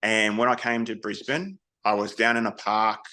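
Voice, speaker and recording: A man's voice: fairly low pitch, steady tone, normal speed, pushed and bright, low-quality recording. An Australian man, a veteran guest on an interview podcast, speaking candidly in casual storytelling with frequent restarts.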